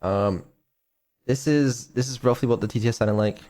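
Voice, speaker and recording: A man's voice: medium pitch, normal speed, warm tone. Hesitant man mumbling through a dev stream. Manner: mumbling, hesitant, many ums, dry sarcasm. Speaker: developer and streamer. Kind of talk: casual stream chat.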